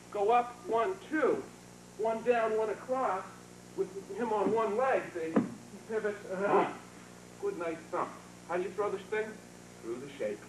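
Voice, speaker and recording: A man teaching a karate seminar, talking casually as he demonstrates moves, coaching students with short praise. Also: high voice. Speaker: karate instructor. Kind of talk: hands-on martial arts seminar teaching. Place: training hall. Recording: echoey hall, distant mic, noisy 1990s video.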